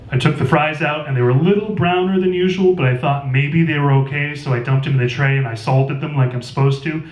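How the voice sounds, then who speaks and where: A man reads his own novel aloud at a live event in a record store. His narration is plain and steady, in the first person. The room echoes, and he sits well away from the mic. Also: a little high, a little fast. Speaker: author. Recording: roomy store, distant mic.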